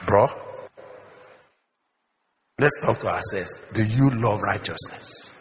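A man's voice: on the low side, takes it slowly, big-room sound. A male pastor preaching a sermon in a church, emphatic, firing repeated rhetorical questions at the congregation.

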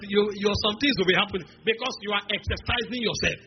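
A man preaching a sermon, emphatic, slowing down to stress key phrases and dropping humorous asides. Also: sits high. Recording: dull lo-fi recording with faint music behind.

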